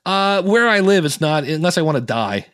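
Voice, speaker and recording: This podcast guest from Ohio chats casually in an interview, an animated storyteller who acts out the reactions he quotes. His male voice is on the high side and moves at a normal speed. The studio-quality recording has no room sound.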